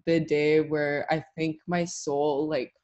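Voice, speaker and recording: A woman's voice: low-pitched, level tone, slow pace, darkish tone, dull audio. A young woman in her twenties, a tree planter telling a story in a casual interview, chatty and full of filler words. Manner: chatty, lots of "like" fillers, laughs while telling.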